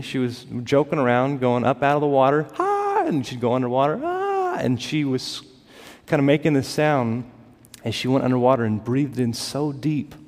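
A man preaching a sermon as pastor, building to emphatic peaks and dropping to soft, quiet lines. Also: mid-range voice. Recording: long reverb of a large hall.

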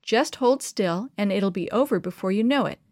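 A woman voicing a calm, kindly camp pastor who speaks gently. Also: medium pitch, normal speed, no echo, studio quality, natural voice.

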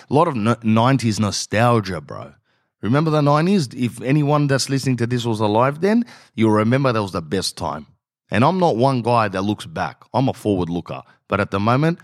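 Slangy Australian podcast host, low voice. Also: male voice, no echo, studio quality. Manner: slangy, animated, calls listeners bro. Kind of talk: casual storytelling and ad read.

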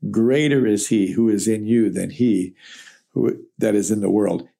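Mellow-voiced man teaching the Bible. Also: fairly low pitch, measured pace, gravelly. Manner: conversational, explanatory, checks in with okay.

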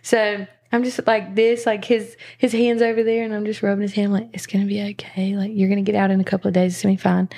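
A woman's voice: medium pitch, little pitch movement, fast, hardly any pauses, dark tone. A woman hosting a podcast, telling stories bluntly and swearing freely in casual chat. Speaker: podcast host.

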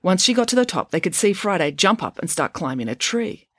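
A woman narrating a children's adventure book in an expressive storytelling manner. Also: lowish voice, brisk, slightly rough, dry recording, studio quality. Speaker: audiobook narrator.

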